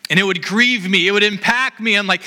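A man in his thirties gives an impassioned sermon in a high, sharply bright voice. His earnest words carry a long reverb through a church hall. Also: brisk. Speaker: pastor.

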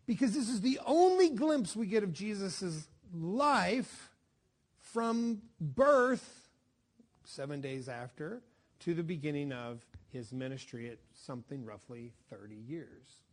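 A man's voice: a little high, very animated, slow. A young adult male pastor preaching a conversational sermon with restarts and asides.

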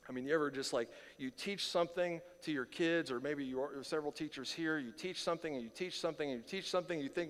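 Animated preaching man in a reverberant hall. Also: on the high side, quick pace, hardly any pauses. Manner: conversational, animated preaching with rhetorical questions. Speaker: pastor. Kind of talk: expository sermon. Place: church sanctuary.

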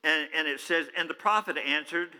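A man preaching in a church sanctuary, with a very bright, ringing voice pitched a touch high. He swings between loud, excited bursts and quiet asides and acts out the Bible characters himself. Long hall reverb trails after every phrase. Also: normal speed, clear, resonant tone. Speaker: pastor. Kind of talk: sermon.

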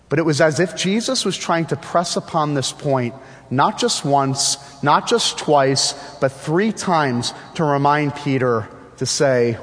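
A man with a fairly high voice delivers a sermon. He drives his points home with repeated phrases and rhetorical questions. His voice rings with the long reverb of a large hall. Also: lively intonation, slow, fairly bright tone. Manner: emphatic, repetitive preaching with rhetorical questions. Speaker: preacher.

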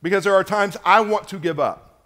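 Man preaching a sermon, swinging loud to hushed. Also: high voice, fairly quick. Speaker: pastor. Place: church.

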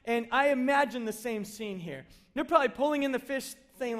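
High-voiced man preaching a conversational sermon. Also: fairly quick. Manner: conversational, animated storytelling with acted asides. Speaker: pastor.

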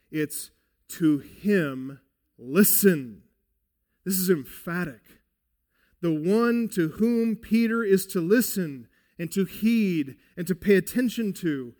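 A man's voice: on the high side, darkish tone, in a large hall. A man preaching a sermon as pastor, earnest and emphatic, asking his listeners pointed questions.

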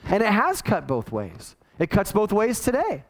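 A middle-aged pastor preaches a sermon casually and conversationally, animatedly acting out the voices of the people he quotes. He has a high-pitched voice and speaks at normal speed.

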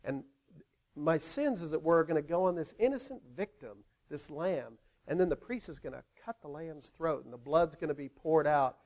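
A man's voice: fairly high pitch, expressive, normal speed, darkish tone. A man acting out an eager ancient Israelite man speaking earnestly, in a sermon. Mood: eager, hushed.

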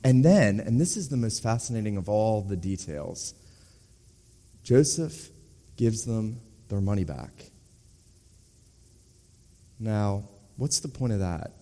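A man's voice: on the low side, expressive, takes it slowly, pauses often, warm tone. A middle-aged or older man preaching an earnest expository sermon that builds to emphatic urgency. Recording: reverberant hall.

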